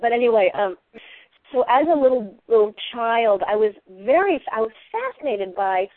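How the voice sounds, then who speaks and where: A woman from Eastern Massachusetts, a novelist being interviewed, talks in an animated way, often restarting her sentences. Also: a little high, moderate pace, no echo. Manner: animated, frequent restarts and laughter. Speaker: novelist guest. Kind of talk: conversational interview. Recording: tinny dry phone-line audio.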